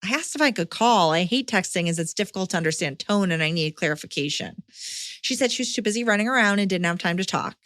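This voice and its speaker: A woman's voice: on the low side, expressive, quick pace, a bit bright, no echo, clean studio sound. A woman hosting a podcast, reading a listener's letter aloud and breaking in with blunt, swearing reactions. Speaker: podcast host.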